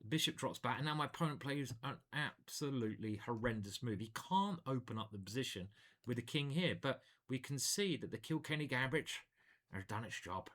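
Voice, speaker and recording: A man commentating his own online chess games live, thinking aloud in a playful, animated way. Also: medium pitch, a little fast.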